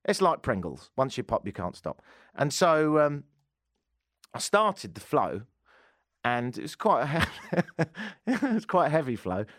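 An English man, a talk show host, telling a story in a chatty, self-mocking way. His voice sits a bit high and swings lively up and down. The sound is close and dry. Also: a little slow, pauses often, no echo. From England. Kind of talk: casual anecdote.

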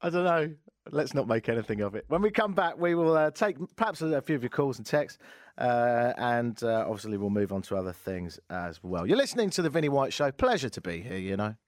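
A man's voice: medium pitch, sing-song, a little fast, no echo. A man hosting a casual radio talk show, wry and sarcastic, rambling between topics. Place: radio studio. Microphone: studio microphone.

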